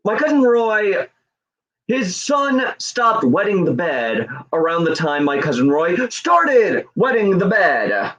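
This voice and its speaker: A man doing a stand-up comedy set, deadpan and hesitant, with many fillers. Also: high-pitched, takes it slowly. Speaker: stand-up comic. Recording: dull lo-fi sound.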